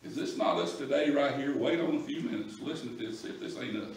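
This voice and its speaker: A man preaching a sermon, swinging from low scripture reading to loud shouting. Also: fast talker. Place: church. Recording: echoey church room from a distant mic.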